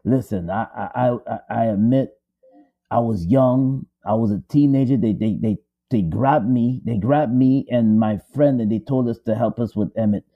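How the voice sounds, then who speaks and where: A man doing a halting old man's confession. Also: mid-range voice, phone-quality sound, voice pushed down, natural voice. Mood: confessing. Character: man in his eighties confessing a teen memory.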